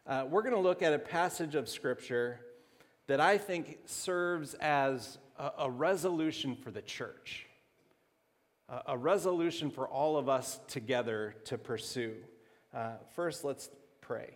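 Pastor guy giving a sermon, slow and chatty, kinda high voice, big echoey church hall. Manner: conversational, halting with restarts and fillers. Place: church sanctuary. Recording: long hall reverb.

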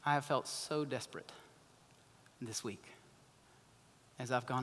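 A man preaching a sermon, impassioned and urgent, then dropping to hushed pleading. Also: mid-range voice, unhurried. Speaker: pastor. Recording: long hall reverb.

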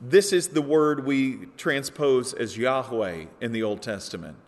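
A man's voice: medium pitch, measured pace. A pastor delivering a sermon, earnest and explanatory, rising to emphatic peaks when he quotes scripture. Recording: long hall reverb.

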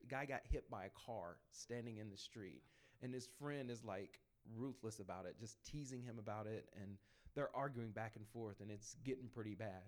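A man telling personal evangelism stories to a church group in a lively, conversational way, acting out the people he quotes. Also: on the low side, normal speed. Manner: animated storytelling, acts out quoted voices. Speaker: church speaker sharing testimony.

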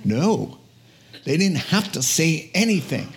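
A man, preaching a lively storytelling sermon, laughing often and dropping to a whisper for quiet lines. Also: on the high side, slow, gravelly, slightly rough. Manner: animated storytelling, acts out quoted voices, drops to a whisper at times, laughs often. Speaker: pastor.

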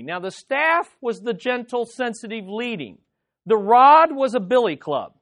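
In a very animated sermon at a measured pace, a medium-pitched pastor poses rhetorical questions and asks the congregation for amens. Delivery shifts between loud, urgent lines and soft, hushed ones.

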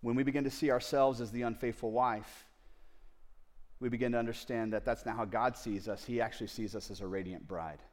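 A man preaching a sermon to a congregation, speaking to the mothers directly, dropping to tender near-whispers and rising to loud pleading. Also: medium pitch, steady tone, brisk. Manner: swings from hushed tender asides to loud pleading; addresses the audience directly. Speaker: pastor. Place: church service before a congregation.

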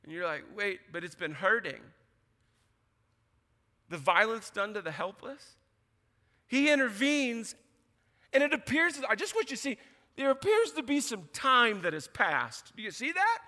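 Animated high-voiced pastor preaching. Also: male voice, normal speed. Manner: emphatic, animated, repeats words when starting. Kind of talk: sermon. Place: church sanctuary. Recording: church hall with long reverb.

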